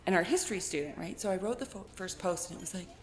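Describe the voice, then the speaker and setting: A woman author telling animated anecdotes in a casual interview, acting out quotes and laughing often. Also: on the low side, fast talker, slight background noise. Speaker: guest author and blogger. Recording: echoey room with long reverb.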